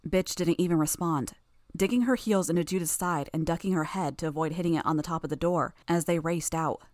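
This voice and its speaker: A woman narrating a first-person audiobook chapter with a measured, even reading. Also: lowish voice, dry recording, clean studio sound.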